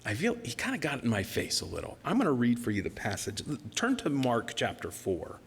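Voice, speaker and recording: A male pastor preaching a sermon in an earnest, personal way, sometimes dropping to a soft near-whisper for emphasis. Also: mid-range voice, wildly swooping pitch, fairly quick, husky, long reverb tail. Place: church sanctuary.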